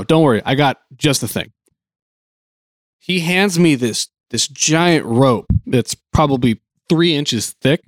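A man with a mid-range voice tells a long work story in a casual chat, acting out the people he quotes with animated energy. He's a guest sharing the anecdote, and the clean studio recording has no room sound.

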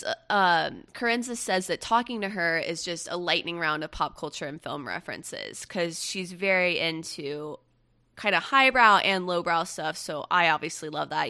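A young woman hosting a casual pop-culture chat, gushing and chatty with quick asides. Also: lowish voice, vocal fry, bright, forceful tone. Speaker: podcast host.

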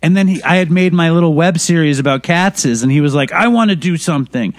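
This is a man recounting personal stories in a relaxed podcast chat. His voice sits a bit higher than most men's, and he speaks bluntly, cursing casually. The sound is dry and close, with no room around it. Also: a little fast, no room sound. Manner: candid, profane storytelling. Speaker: podcast guest. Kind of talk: casual conversation.

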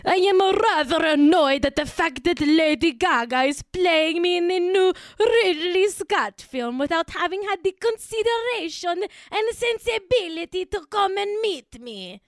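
A woman's voice: very high-pitched, expressive, unhurried, hardly any pauses, no room sound, clean studio sound, voice pushed up, heavily acted. A woman doing an impression of a haughty, ungrateful older Italian woman, using a put-on Italian accent and a snooty, affronted manner. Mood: indignant.

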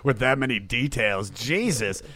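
A man's voice: medium pitch, expressive, a little slow, fairly bright tone. A man hosting a podcast, laid-back and agreeable, swearing casually as he chats with his guest. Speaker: podcast host. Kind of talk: casual interview chat.

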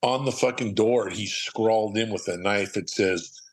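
A man's voice: on the low side, normal speed, poor audio. A middle-aged man from Southern California, a podcast guest, telling rambling, profane anecdotes and acting out the quotes. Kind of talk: casual storytelling.

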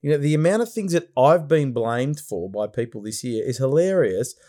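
A man's voice: mid-range voice, animated, moderate pace, mellow. A man interviewing a guest in a casual conversation, joking and laughing along.

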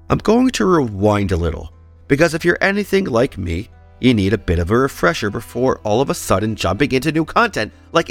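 A man's voice: on the high side, fairly bright tone. Man narrating history with playful asides. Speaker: podcast host and narrator.

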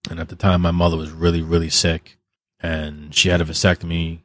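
Man, very low voice, dry close sound, blunt, profane, vivid storyteller, interview guest. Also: little pitch movement, brisk, no room sound. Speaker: podcast guest.

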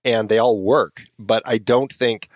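A man's voice: fairly low pitch, fairly even intonation, measured pace, dry recording, clean studio sound. A man hosting a casual film discussion podcast, thinking aloud with frequent restarts. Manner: thoughtful, rambling with restarts. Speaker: podcast host.

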